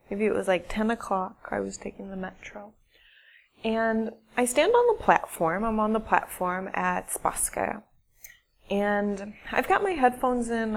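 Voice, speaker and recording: A woman telling a personal story in a shy, halting way, with restarts and dramatic pauses. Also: a little high. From English-speaking foreigner living in Russia. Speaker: English teacher telling a story. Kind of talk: casual spoken storytelling.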